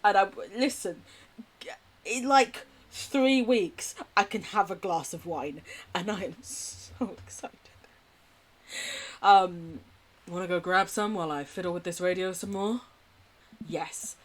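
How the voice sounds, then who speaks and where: A woman's voice: mid-range voice, measured pace. A young adult woman streaming a game, chatting casually in a bubbly way and laughing often. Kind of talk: casual gameplay commentary.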